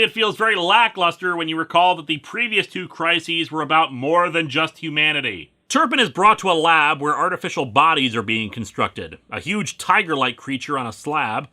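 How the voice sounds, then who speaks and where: A man's voice: a little high, bright, forceful tone. A man reviewing comic books in comedic narration, full of sarcastic, wry asides.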